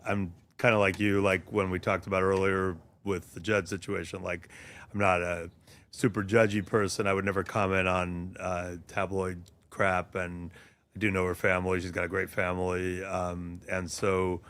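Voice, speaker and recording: A man who is a sports journalist, a guest on a talk show, speaking thoughtfully with frequent pauses and fillers. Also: deep voice, little pitch movement, a bit bright. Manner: thoughtful, many ums and restarts.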